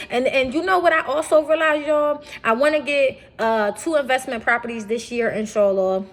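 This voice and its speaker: A young adult woman talks straight to her viewers in a casual vlog. Her voice sits a bit high. She is animated, keeps repeating her points, and keeps calling her audience y'all. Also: normal speed, hardly any pauses. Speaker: vlogger. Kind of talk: casual talk to camera.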